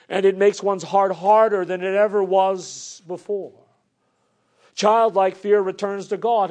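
Earnest preacher with hushed, soft drops. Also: male voice, high-pitched. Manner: earnest, swinging between emphatic declarations and hushed, soft passages. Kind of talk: sermon.

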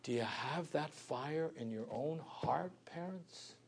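A male pastor preaching a sermon earnestly, swinging from forceful emphasis down to hushed, near-whispered lines. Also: on the high side, slow, slight background noise.

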